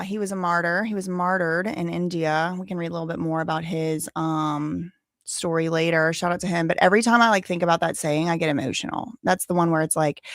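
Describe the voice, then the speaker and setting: A woman's voice: fairly low pitch, no room sound, clean studio sound. A woman in her thirties chatting casually with viewers on her livestream, rambling with many fillers. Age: 30s. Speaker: livestream host. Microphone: desk microphone with headphones.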